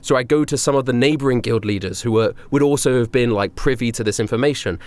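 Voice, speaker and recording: A man's voice: medium pitch, fast. A young man co-hosting a podcast, telling a story casually with frequent laughs and fillers. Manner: animated, laughs often, filler-heavy. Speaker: podcast co-host.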